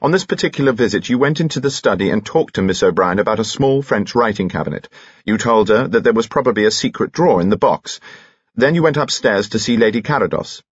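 A man voicing a calm, formal police inspector who questions in a quiet, matter-of-fact way in an audiobook. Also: on the low side, fast, husky, no room sound, highs cut off, voice pushed up.

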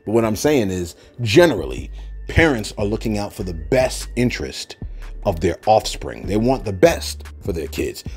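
Man, casual commentary, rambling asides to viewers, husky voice, animated pitch. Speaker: celebrity news commentator.

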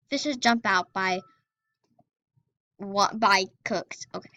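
A young woman chatting excitedly and giggling as she comments on her gameplay. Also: on the high side, moderate pace, long pauses, dry recording. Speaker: gaming video host.

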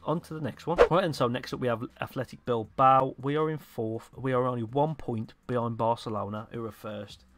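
A young man excitedly commentating his own football video game, swearing and shouting at his players. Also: mid-range voice, a little fast, hardly any pauses, over music. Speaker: gaming YouTuber.

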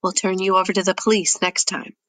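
A woman reading an audiobook, voicing a tired, patient older male gate guard who speaks quietly and firmly. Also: on the low side, fairly quick, no room sound, natural voice.

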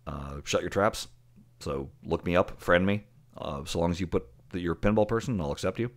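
Low-voiced chatty podcast man. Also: fairly quick. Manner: chatty, laughs often, trailing fillers. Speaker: podcast co-host. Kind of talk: casual chat.

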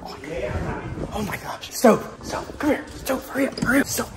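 A young man vlogging in a panicky, breathless way, often dropping to a hushed whisper. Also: extremely high pitch, animated, normal speed. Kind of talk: staged prank vlog. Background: background music.

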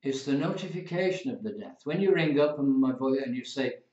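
A man's voice: medium pitch, a little fast. A man, teaching law as a tutor, telling playful stories and acting out examples. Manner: playful, animated storytelling with acted examples. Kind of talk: recorded lecture. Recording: roomy, dull lo-fi lecture recording.

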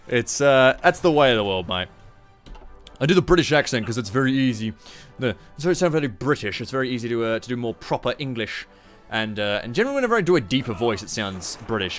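Swearing Australian streamer. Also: male voice, mid-range voice, lively intonation, normal speed, a bit bright, faint music behind. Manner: profane, rambling, joking. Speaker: game streamer. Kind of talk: live gameplay commentary. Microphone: streaming microphone.

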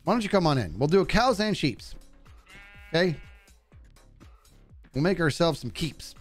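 Brief: male game streamer, animated and talky, somewhat high voice, soft music behind. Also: moderate pace, pauses often. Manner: chatty, talks to animals and chat. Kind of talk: live gameplay commentary.

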